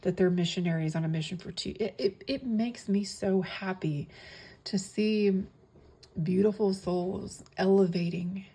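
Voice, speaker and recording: A woman's voice: mid-range voice, a little slow, mellow, husky. A woman talking casually and earnestly about spirituality, preaching with repeated phrases and frequent restarts. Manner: speaks with many fillers and restarts. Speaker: tarot reader and spiritual vlogger.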